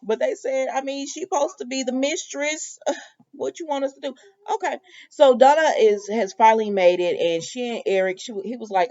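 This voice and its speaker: Young woman chatting thru a soap recap, kinda high voice, opinionated, muffled lo-fi cam mic. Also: a little fast. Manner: animated, opinionated, talks straight to viewers. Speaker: soap opera recap host. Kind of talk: casual chatty episode recap. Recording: dull lo-fi home video audio.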